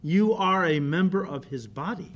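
High-voiced animated male pastor preaching. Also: normal speed. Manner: animated preaching, often saying "listen" and "okay". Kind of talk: sermon.

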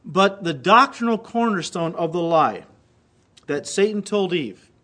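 A man's voice: high-pitched, animated, unhurried, fairly bright tone. A man preaching a sermon, reading quotations aloud and acting them out with rising intensity. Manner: reads quotes aloud, mimicking voices with rising intensity. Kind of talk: recorded sermon.

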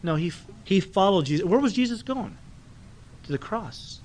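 A pastor preaching a sermon in a conversational way, asking rhetorical questions and acting out the people in the story. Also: male voice, high voice, big pitch swings, normal speed, darkish tone.

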